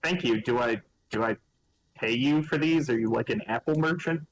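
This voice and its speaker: A man's voice: mid-range voice, moderate pace, a little hiss or hum, poor audio. A man playing his character at a tabletop game in casual talk, hesitant and full of fillers. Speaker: player.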